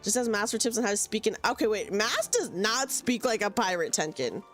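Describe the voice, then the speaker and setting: A woman's voice: mid-range voice, animated, brisk, soft background music. A young woman chatting casually on a game stream, giggly and self-deprecating, speaking into a desk mic at home. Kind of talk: casual live-stream chat.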